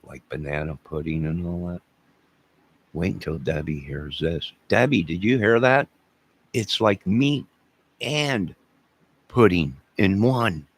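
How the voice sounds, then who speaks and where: Gravelly low-voiced older man. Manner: rambling, joking, talks to chat viewers by name. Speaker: livestream host reading chat. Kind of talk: casual livestream chat.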